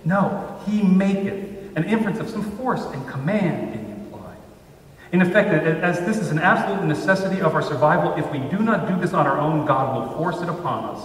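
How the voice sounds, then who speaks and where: A male pastor delivers a measured sermon in a big church sanctuary, leaning on slow, deliberate pauses whenever he quotes scripture. His voice sits a bit high and reaches the mic from a distance, with a long reverberant tail off the room and faint ambient noise underneath. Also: animated. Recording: roomy church hall from far off.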